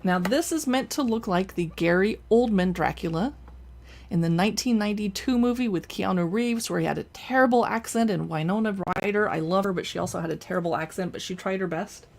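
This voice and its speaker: Fairly quick and gravelly, this woman's medium-pitched voice has a darkish tone, and a little hiss or hum sits in the recording. She hosts a casual show-and-tell at home before a backdrop, playfully chatting while handling books, toys and collectibles.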